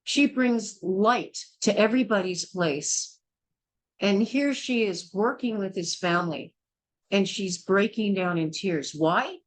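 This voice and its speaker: An older woman, a midwife, gives a blunt and forceful childbirth class lecture, scolding and repeating herself. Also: mid-range voice, expressive, takes it slowly, rough recording. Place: small indoor class.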